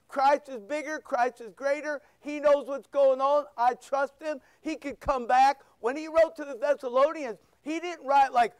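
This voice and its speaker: A male pastor preaching a sermon, firing rhetorical questions and sharp asides at his congregation. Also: very high voice, clear, resonant tone, no room sound. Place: church.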